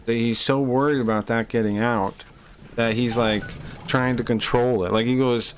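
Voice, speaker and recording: A man's voice: mid-range voice, steady tone, moderate pace, a little hiss or hum. A man streaming live, ranting heatedly and swearing as he rambles and restarts his sentences while playing a game.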